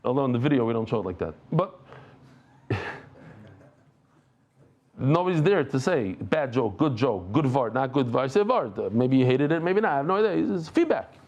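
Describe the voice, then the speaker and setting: A middle-aged man giving a daily Talmud lesson to a live group, talking in quick bursts, breaking off mid-thought and bantering with listeners. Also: medium pitch, highs cut off. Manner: lively, jumps between thoughts, self-interrupting. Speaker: Talmud teacher.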